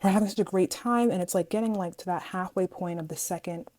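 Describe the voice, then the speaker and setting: A young woman vlogger with a fairly low voice talks fast, animatedly recounting a story from school. She dramatizes it by acting out what people said in this casual storytime vlog.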